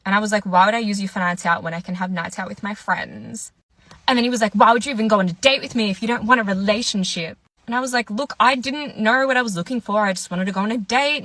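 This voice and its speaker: A woman's voice: medium pitch, sharp tone, no echo. A young woman telling a dating storytime in a chatty, exasperated way, acting out both sides of the conversation. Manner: chatty, exasperated retelling with quoted dialogue. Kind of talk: casual storytime.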